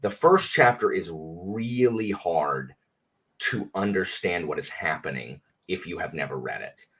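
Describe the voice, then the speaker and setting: Husky low-voiced man, animated. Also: a little slow. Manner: animated and emphatic, voice climbs when arguing. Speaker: teacher, podcast guest. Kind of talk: casual chat.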